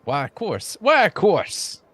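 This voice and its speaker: A man's voice: sits high, slow pace, pitched above the performer's own voice. A man voicing an eager male florist made ship captain, in a folksy drawl mixed with Cockney words. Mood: folksy grateful.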